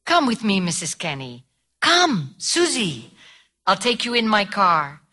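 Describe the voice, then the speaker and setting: A woman's voice: mid-range voice, big pitch swings, unhurried, pushed and bright, full character voice. An actress playing a kind, motherly salon owner who mixes Spanish into her English. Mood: kindly. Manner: kindly, persuasive, mixes Spanish words. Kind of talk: comedy drama acting.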